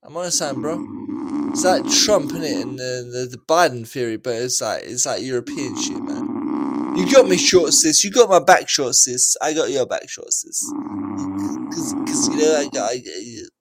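A man's voice: medium pitch, very animated, moderate pace, gravelly. A drunk young man, live-streaming and ranting brashly to his chat with lots of swearing and slang. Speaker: livestreamer. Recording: noisy background.

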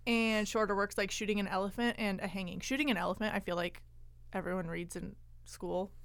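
A woman's voice: medium pitch, a little fast, gravelly, fairly bright tone, clean tone, no echo. A woman co-hosting a podcast, telling history in casual chat with frequent laughter. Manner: chatty, laughing often. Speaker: podcast co-host.

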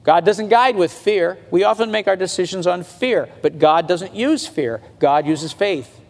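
A man preaching a sermon in a conversational way, slowing down to stress his points and rising in pitch when he gets emphatic. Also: expressive, long reverb tail. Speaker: pastor.

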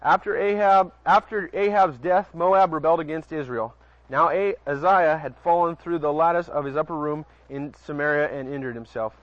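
A man whose voice is on the high side reads Bible passages at normal speed while preaching casually, often stumbling over words and chatting with the crowd between lines. Without echo, this dull lo-fi recording was made outside at night near a porch.

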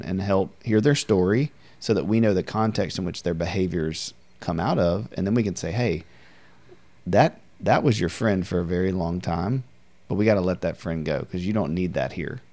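Very deep-voiced man, earnest host. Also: fairly quick, a little mellow. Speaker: podcast host. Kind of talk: casual faith conversation.

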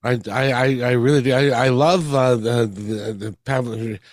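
An earnest male host chats casually with his guest, tripping over his first words before finding his point. His voice is mid-pitched and sounds dry and close. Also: fairly even intonation, moderate pace, dry recording. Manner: earnest, repeats words when starting. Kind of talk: casual interview chat.

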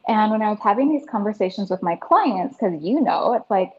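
A woman in her thirties, a podcast guest, telling her story in an earnest, animated way with lots of "like". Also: mid-range voice, a little fast, slightly rough. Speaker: podcast guest, breathwork facilitator. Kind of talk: casual interview storytelling. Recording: dull lo-fi sound.

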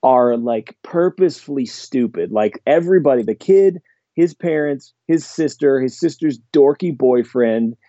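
A man's voice: medium pitch, expressive, a little slow, mellow, no room sound, lo-fi sound. A man hosting a casual podcast chat, rambling enthusiastically about horror movies with many fillers and restarts. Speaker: podcast host.

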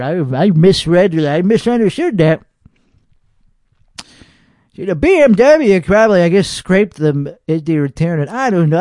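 High-voiced sarcastic man grumbling solo. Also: darkish tone, no room sound, studio quality. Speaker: podcast host reacting to online videos. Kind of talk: casual solo reaction commentary.

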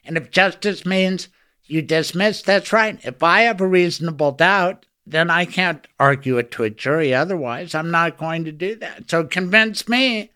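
A man's voice: a little high, moderate pace, sharp tone, clean tone. A man hosting a lawyers' podcast, chatting enthusiastically with his guest in a casual interview. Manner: enthusiastic, talkative.

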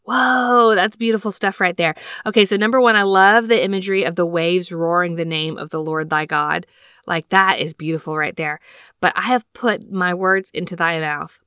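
A woman hosting a devotional scripture-study podcast from a small closet on a laptop microphone, reading verses slowly and then reflecting earnestly. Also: on the low side, fairly even intonation, pushed and bright, smooth, no echo, studio quality. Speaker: podcast host. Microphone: built-in laptop microphone.

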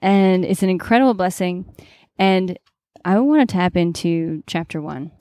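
A low-pitched woman, a religious sister, co-hosting a casual talk podcast. She tells stories with lively jumps into quoted voices, and her voice sits close and dry on the mic. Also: normal speed, dry recording. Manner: animated storyteller, big jumps into quoted voices. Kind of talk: casual chat and prayer.

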